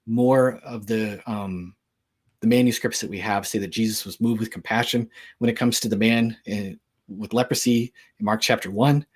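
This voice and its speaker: A man's voice: lowish voice, fairly even intonation, normal speed, slightly rough. A man talking casually about the Gospels, reading verses aloud and explaining them with plenty of fillers. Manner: conversational, many fillers, reads verses aloud. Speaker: Bible teacher.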